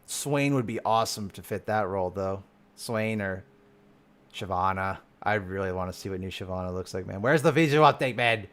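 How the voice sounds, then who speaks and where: A man streaming live and reacting to game content in casual chat, excitable and swearing freely, often trailing off and restarting. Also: deep voice, moderate pace.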